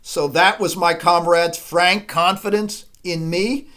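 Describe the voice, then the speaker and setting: A man's voice: fairly even intonation, slow, a bit bright. A man doing a bitter, sarcastic young writer. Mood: wounded. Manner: low, sarcastic and wounded.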